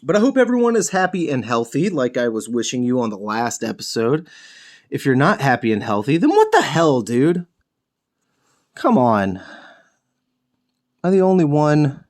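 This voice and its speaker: A young man hosts a miniature painting show, chatting casually as he paints in a mid-range, slightly mellow voice with lively intonation. He speaks at normal speed with long pauses, rambling, correcting himself and joking with the odd curse.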